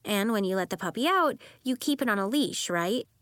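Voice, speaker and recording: A woman voicing an eager young shapeshifting girl in a storybook, with a bright, insistent, excitable delivery. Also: medium pitch, brisk, no echo, studio quality, close to an everyday voice. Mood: earnest. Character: eager young girl who shifts into animals.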